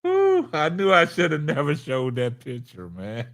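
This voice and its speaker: A man's voice: mid-range voice, sing-song, normal speed, vocal fry, a bit bright. A man hosting a live stream, laughing hard and whooping between casual remarks to his chat. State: laughing to tears. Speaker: livestream host.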